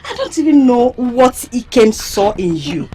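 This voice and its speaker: Sharp-tongued village maiden, Nigerian accent, high voice, lively pitch, mocking. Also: female voice, a little slow, breathy edge, exaggerated voice. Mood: taunting. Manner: mocking, confrontational, loud. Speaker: actor. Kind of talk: film drama acting.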